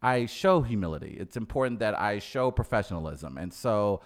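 A man's voice: fairly low pitch, expressive, moderate pace. A man co-hosting a casual podcast, joking and putting on mock-stern scolding. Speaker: co-host.

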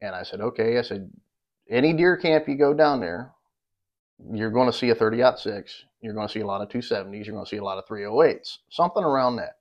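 A man's voice: lowish voice, lively intonation, fast. A man co-hosting a podcast, telling a long hunting story in a casual, rambling, profane way and getting worked up when he quotes others. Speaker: podcast co-host. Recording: dull lo-fi podcast audio.

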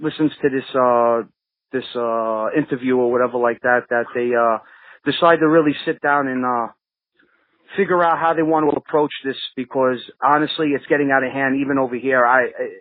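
Heard on phone-line audio with no room sound, a podcast regular with a New York accent, originally from Brooklyn, spins casual stories. He rambles, restarts often, and leans on fillers, speaking fairly quickly in a steady, mid-range voice.

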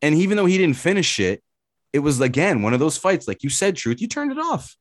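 A man's voice: fairly high pitch, a little fast, dry recording, studio quality. A man co-hosting a casual sports talk show, ranting with energy and plenty of swearing. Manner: animated, profane ranting. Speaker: podcast co-host.

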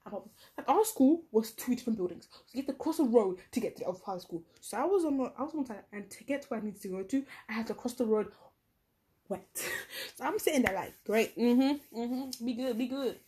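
A young woman telling a story about her schooldays in a casual, animated way, acting out the dialogue. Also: on the high side, fast talker, a little hiss or hum. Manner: animated, dramatic retelling with quoted dialogue. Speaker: vlogger.

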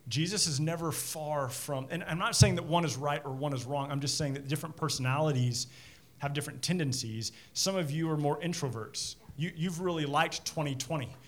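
A man's voice: on the high side, fairly quick. A middle-aged man preaching a sermon as pastor, chatty and self-deprecating, often repeating words as he starts a sentence. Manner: animated.

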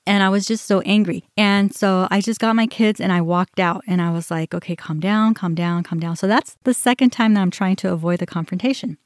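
A middle-aged woman hosting a podcast, telling a personal story in an animated way, often quoting herself and others. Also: medium pitch, brisk, hardly any pauses, dry recording, studio quality. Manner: animated, quotes herself and others, restarts when upset. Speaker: podcast host.

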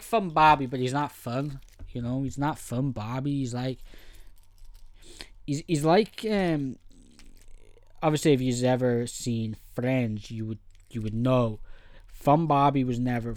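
A man hosting a casual podcast, rambling and swearing freely as he mimics people in quick asides. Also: medium pitch, darkish tone, dry recording. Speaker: podcast host. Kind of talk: casual wrestling review podcast.

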